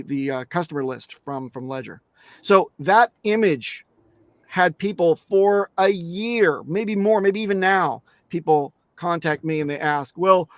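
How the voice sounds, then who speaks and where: A man's voice: on the high side, no room sound. Blunt, emphatic man talking crypto security. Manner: emphatic, blunt, swears, many restarts. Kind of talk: casual interview talk.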